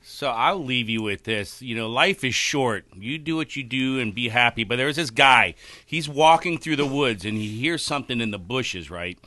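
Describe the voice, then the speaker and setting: A man's voice: mid-range voice, expressive, normal speed, pushed and bright. A man as a radio guest, telling a joke in a playful storytelling way. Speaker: firearms instructor guest.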